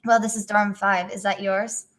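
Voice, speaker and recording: A woman's voice: mid-range voice, flat delivery, normal speed, fairly bright tone, lightly acted. Self-assured teen girl roommate, read plainly by a young woman. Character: confident red-haired teen girl roommate.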